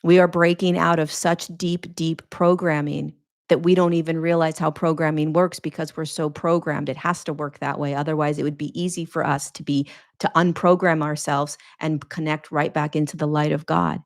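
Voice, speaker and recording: A woman with a low-sitting voice hosts her own podcast, speaking as a spiritual teacher at a normal speed with flat delivery. Her monologue is earnest and emphatic, with a preaching cadence and phrases repeated for weight.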